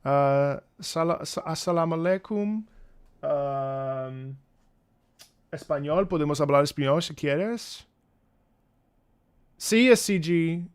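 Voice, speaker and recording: Speaking slowly with frequent pauses, a man in his thirties talks to his viewers on a live stream in a relaxed, playful way, tripping over greetings in other languages. He is a streamer and opera singer, and his clean-toned voice leans high.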